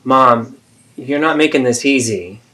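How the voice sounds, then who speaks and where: A man's voice: medium pitch, unhurried, sharp tone. Man playing an earnest adult daughter. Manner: earnest, pleading, persistent. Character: adult daughter confronting her mother. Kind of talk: therapeutic role-play.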